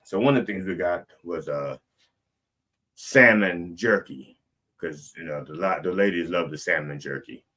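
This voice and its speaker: A middle-aged man, the show's comedic preacher host, telling a rambling, animated story and swinging between loud and soft. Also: low voice, normal speed.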